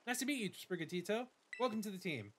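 A man's voice: sits high, lively intonation, fast, noisy background, voice pushed up. A man voicing a bubbly, pushy young female student who loves battling, while reading game dialogue aloud. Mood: eager.

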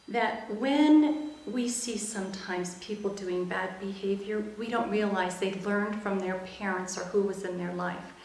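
A woman's voice: medium pitch, slight background noise. Middle-aged woman, interview guest, earnest and reflective storyteller, echoey room. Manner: earnest, reflective, softens into quiet quoted speech. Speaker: interview guest, emotional intelligence expert.

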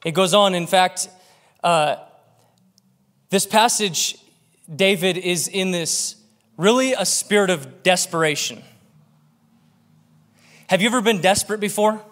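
Man preaching with a slightly high voice. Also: fairly bright tone. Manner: conversational preaching, slows down for scripture reading. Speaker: pastor. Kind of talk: sermon. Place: church in front of a congregation.

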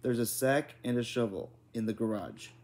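A man voicing a timid, befuddled father with a squeaky, despairing voice. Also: moderate pace, a little mellow, lightly acted.

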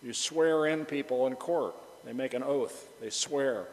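A man's voice: mid-range voice, unhurried, a little mellow, big-room sound, slight background noise, low-quality recording. A male pastor preaching a conversational sermon, chatty and joking, bantering with the congregation.

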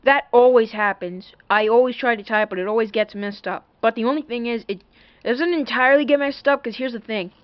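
A woman's voice: fairly high pitch, a little fast, no room sound, lo-fi sound. A woman rambling through a casual show-and-tell vlog about a toy, full of fillers and apologies. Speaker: toy collector showing a doll.

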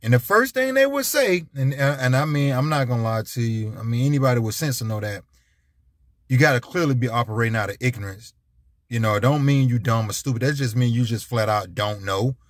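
A man's voice: mid-range voice, a little fast, no room sound, studio quality. A man giving an emphatic, repetitive, preachy monologue as a vlogger. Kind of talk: casual ranting monologue.

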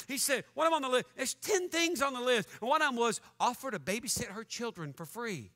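A man preaching as pastor, animated and mock-angry, joking with his congregation in a church. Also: very high voice, fast talker. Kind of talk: fiery sermon. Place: church sanctuary. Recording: long church hall reverb.

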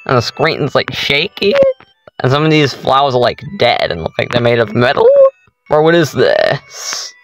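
A man's voice: medium pitch, lively intonation, moderate pace, fairly bright tone, rough recording. A man playing a horror game for his channel, reacting to each scare with startled exclamations and talking to his viewers. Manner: jumpy, exclaiming at every scare, talks to viewers as guys. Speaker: gaming YouTuber. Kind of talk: horror game let's play commentary.

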